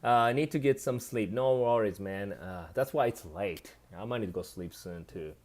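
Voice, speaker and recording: A man's voice: fairly low pitch, moderate pace, a little mellow. A man from Japan with a Japanese accent, chatting casually on his live stream and answering viewer comments.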